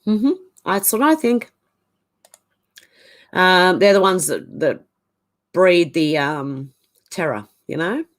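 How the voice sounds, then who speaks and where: A woman's voice: lowish voice, expressive, slow, long pauses. An Australian woman hosting a live stream from home, chatting casually and greeting viewers by name as she reads their comments. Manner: chatty, greets viewers by name with a bright lilting "how you going". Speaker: livestream host. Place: home room, indoors.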